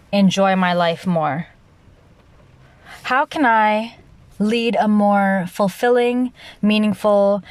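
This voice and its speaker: A young adult woman hosting her own podcast in a loud, rambling solo monologue, restarting sentences often and laughing at herself. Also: mid-range voice. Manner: loud, animated delivery. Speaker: podcast host.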